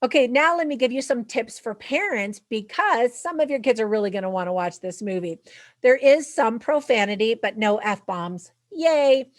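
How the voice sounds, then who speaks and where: A woman's voice: a little high, lively intonation, normal speed, no echo. A woman hosting her own channel, giving a chatty, upbeat movie review with tips for parents. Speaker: film reviewer and channel host. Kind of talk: casual movie review to camera.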